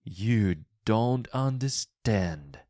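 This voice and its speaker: A weary old husband, frightened but firm, pleading with his wife in a low, slow storybook voice, as a male narrator plays him. The sound is dry and close. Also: a little mellow, no echo. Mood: urgent. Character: tired, fearful old husband.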